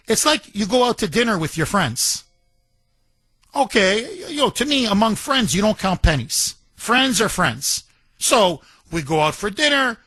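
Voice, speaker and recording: A man's voice: high-pitched, sharp tone, husky, no room sound. A man hosting a political talk radio show, delivering an emphatic monologue full of repetition and rhetorical questions.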